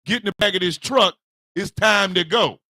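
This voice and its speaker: A man voicing a rough, crude male immigration officer who barks insults and orders. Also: high voice, moderate pace, pushed and bright, no room sound, studio quality, full character voice. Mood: gruff, bossy. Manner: gruff, insulting, bossy.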